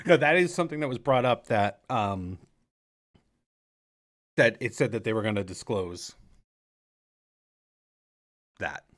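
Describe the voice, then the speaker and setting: A man's voice: lowish voice, slow, long pauses, a bit bright. An American man co-hosting a podcast, rambling through a casual conspiracy chat with jokey asides. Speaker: podcast co-host.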